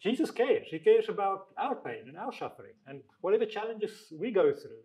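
A man leading a group Bible discussion in a conversational way, reading scripture aloud slowly and asking the group questions. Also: sits high, very animated, mellow, rough recording. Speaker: Bible study leader.

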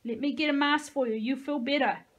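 A woman's voice: high-pitched, steady tone, a little fast, highs cut off, pitched above the performer's own voice. A woman doing a frightened, pleading young boy. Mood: desperate pleading. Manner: pleading, shouting. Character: frightened, desperate young boy trying to stay in charge. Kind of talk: reading a novel aloud.

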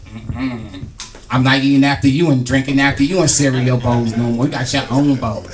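A middle-aged man doing a stand-up comedy set on a club stage, loud and profane, acting out scenes from home. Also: medium pitch, normal speed, far from the mic, slight background noise. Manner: loud, animated, profane, acts out family bits.

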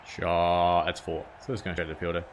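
A man's voice: deep voice, monotone, a little fast, slight background noise. A man hosting his gaming channel, casually talking through his play, reading out scores and swearing or exclaiming at big moments. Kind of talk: casual video game commentary.

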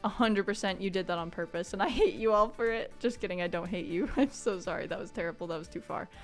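Woman, game streamer, casual playful chat, reads viewer comments, mock outrage, soft music underneath. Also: mid-range voice, fast. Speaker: streamer playing a farming game live.

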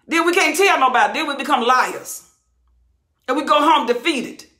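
High, bright, hollering woman preacher. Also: expressive, brisk. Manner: hollering, emphatic, repeats phrases. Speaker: Bible teacher. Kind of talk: impassioned verse-by-verse preaching. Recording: roomy echo.

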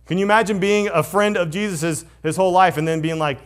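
A male pastor preaching a conversational sermon, moving between lively storytelling and hushed, solemn passages. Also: high voice, fast.

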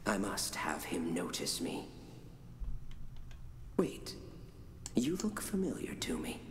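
A man voicing a fanatical, ink-soaked male cultist in a horror game, in whispered role-play with a hushed, creeping tone. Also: on the low side, huge pitch swings, slow pace, exaggerated voice. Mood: menacing. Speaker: game character.

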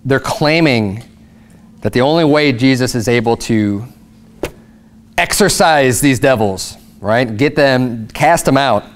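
Man preaching a casual sermon. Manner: reads scripture slowly, then explains in casual asides; rises sharply in pitch for emphatic rhetorical questions. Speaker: pastor.

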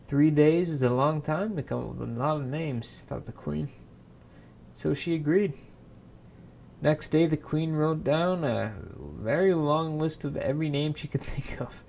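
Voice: medium pitch, measured pace, vocal fry, a little mellow, a little hiss or hum. A storyteller casually reading a fairy tale aloud into a home microphone, playful and breaking in with little asides. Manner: playful, self-interrupting.

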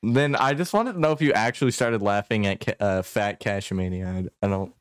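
A man's voice: lowish voice, brisk, smooth, no echo, clean studio sound. A man hosting a podcast in casual chat, telling stories in a playful way and laughing often. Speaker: podcast host.

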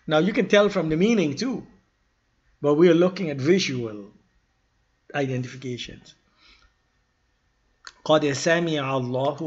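A man teaching an Arabic grammar lesson in an informal style, reading verses quickly and then explaining them slowly with pauses and self-corrections. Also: on the high side, breathy edge, lo-fi sound.

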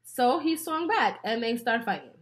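A woman vlogger chatting casually while doing her makeup, telling a story in an animated, profane way with frequent laughter. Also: a little high, moderate pace. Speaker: beauty vlogger.

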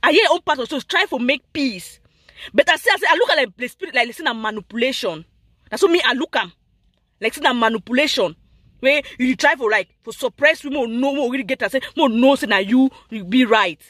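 A speaker with a Cameroonian Pidgin English accent hosts a vlog, ranting in heated commentary, talking straight at someone and repeating points with lively emphasis. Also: high-pitched, fast talker, no room sound, studio quality. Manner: animated, repetitive, addresses someone directly. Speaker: blogger and vlog host.

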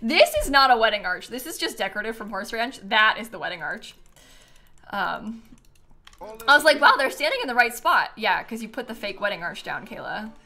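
Young woman, streamer; bright, slightly high voice, chatty, rambling, lots of fillers. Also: sing-song, fairly quick. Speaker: live streamer. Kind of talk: casual gameplay commentary.

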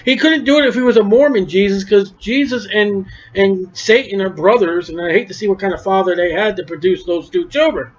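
High-pitched preacher guy teaching scripture, chatty and emphatic, muffled lo-fi audio. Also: fairly quick, hardly any pauses. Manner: conversational, emphatic, stumbles and repeats words. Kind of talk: sermon-style Bible study. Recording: dull lo-fi recording.

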